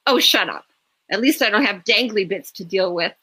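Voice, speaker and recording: A woman voicing a sharp-tongued pregnant woman with a Boston accent, sassy and bossy. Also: medium pitch, animated, moderate pace.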